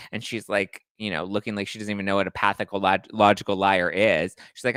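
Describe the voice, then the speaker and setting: A young man hosting a podcast, recapping casually with sassy, animated delivery and mimicking the people he talks about. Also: lowish voice, a little fast, dry recording. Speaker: podcast host. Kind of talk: casual live recap chat.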